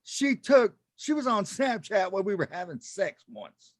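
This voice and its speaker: A man's voice: high-pitched, sing-song, unhurried, no room sound, studio quality. Laughing man doing stand-up. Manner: rambling, self-mocking, laughs at his own jokes. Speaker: stand-up comedian. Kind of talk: stand-up comedy set over a video call. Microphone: video call.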